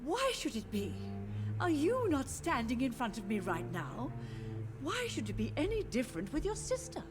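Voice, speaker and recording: Sad confused old mum in a game, high voice, wanders all over, loud music behind. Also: female voice, huge pitch swings, moderate pace. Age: older. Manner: wistful, drifting, gently insistent. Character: frail grieving old mother, confused, haunted by her dead. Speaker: game character.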